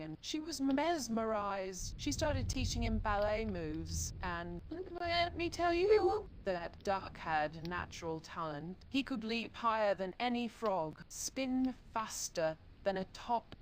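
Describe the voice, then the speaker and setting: A woman's voice: medium pitch, darkish tone, slight background noise, low-quality recording. A woman streamer with a synthetic-sounding voice, telling playful, punny stories to a live chat.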